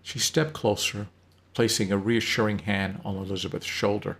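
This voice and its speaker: A man narrating a story in an unhurried reading, with occasional slips. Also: deep voice, steady tone, vocal fry.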